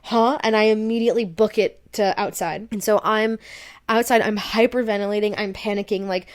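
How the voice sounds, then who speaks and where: A woman's voice: mid-range voice, steady tone, a little fast. A young woman co-hosting a podcast, casually telling a long personal story and acting out her own panicked reactions. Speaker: podcast co-host.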